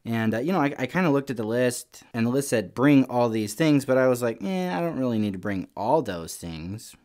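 A young man with a mid-pitched voice talks to children at Sunday school. He tells his story casually, with plenty of fillers, and gets animated at the exciting parts.

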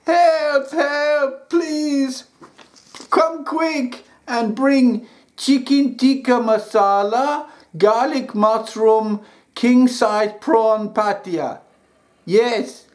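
A man's voice: very high-pitched, drawn-out words, voice pushed up, heavily acted. A man voicing a frantic caller who pleads shrilly for a takeaway order. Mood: panicked.

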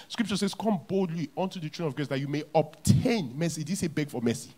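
A man preaching a sermon as pastor in a church, with a Nigerian English accent, repeating key lines and swinging from hushed to loud. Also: a little high, expressive, brisk, few pauses.

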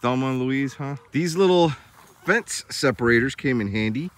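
A man's voice: medium pitch, expressive, moderate pace. Chatty male farm vlogger. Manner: chatty, coos baby talk at animals. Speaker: vlog host. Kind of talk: casual vlog talk to camera. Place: outdoors on a small farm.

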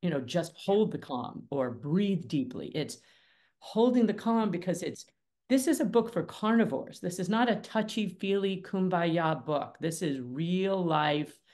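A woman's voice: on the low side, unhurried. A woman who is a mediator, talking as a guest in a casual interview in an emphatic, punchy way. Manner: emphatic, punchy, lively storytelling.

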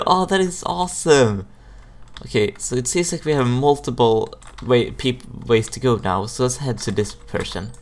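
With a mid-range voice and a moderate pace, the young man keeps up relaxed commentary on his game, often laughing and exclaiming with excitement.

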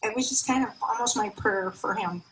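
A woman's voice: brisk, fairly bright tone, a little hiss or hum, rough recording. Heartfelt middle-aged woman storyteller. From United States. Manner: emotional, heartfelt, with sudden high pitch lifts. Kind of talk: personal storytelling.

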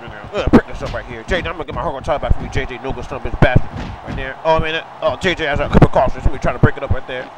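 A man's voice: mid-range voice, rapid-fire. A man commentating a wrestling video game in a rowdy comedic way, yelping, cursing and groaning in mock pain. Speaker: gamer commentating a wrestling game as his character. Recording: loud crowd noise behind.

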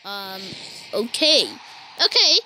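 A woman's voice: a little high, sing-song, slow, pushed and bright, a little hiss or hum. A woman giving playful gameplay commentary, bantering with cartoon characters, giggling and saying "beep" in place of swear words. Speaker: gaming YouTuber.

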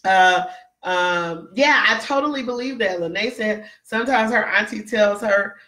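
Bright-voiced woman preaching emphatically. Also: medium pitch, measured pace. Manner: repetitive, keeps asking "right?"; greets viewers by name mid-sermon. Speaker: preacher in a ministry. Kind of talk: livestreamed Bible teaching.

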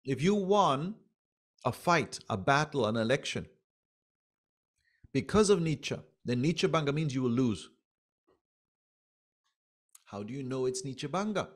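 A man teaching astrology in a lively lecture, acting out quoted voices and repeating his points. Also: mid-range voice, measured pace, long pauses.

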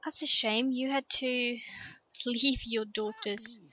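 Woman game streamer, slightly high voice, slow easy delivery, chats to her characters. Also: steady tone, pushed and bright, muffled recording. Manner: gushing, chatty, talks to the game characters. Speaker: let's play host. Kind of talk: casual gameplay commentary.

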